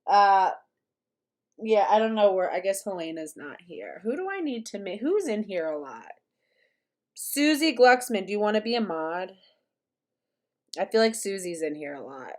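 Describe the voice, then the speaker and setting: A woman's voice: mid-range voice, expressive, moderate pace, long pauses, darkish tone. A woman hosting a casual livestream, talking bluntly and sarcastically with plenty of swearing and chatting with her viewers. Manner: chatty with live chat. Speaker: commentary streamer host.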